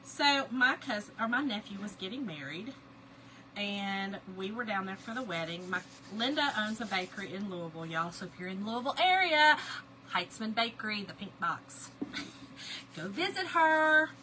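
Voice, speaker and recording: A middle-aged woman, chatting and telling animated family stories to viewers while she crafts on a livestream. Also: medium pitch, normal speed, slight background noise, low-quality recording. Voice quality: lively, animated storyteller, greets chat viewers by name.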